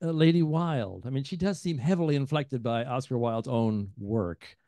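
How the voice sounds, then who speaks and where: A man interviewing an author at a bookshop event, asking quick, bright questions. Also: medium pitch, no room sound.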